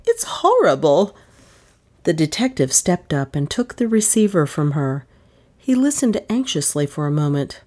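Reading a mystery novel aloud, a female audiobook narrator uses a low voice. The narration is scripted and her pacing stays even and measured.

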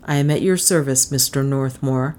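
A woman reading a story voices a desperate, protective young gentleman, speaking in an urgent, pleading way. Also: a bass voice, normal speed, voice pushed down. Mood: resolute.

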